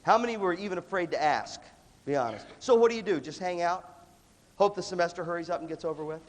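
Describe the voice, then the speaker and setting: A man giving a lively seminar talk to a live audience, telling stories and acting out the dialogue. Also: high-pitched, fast talker. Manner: animated storyteller who acts out dialogue. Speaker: leadership seminar speaker. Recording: long hall reverb.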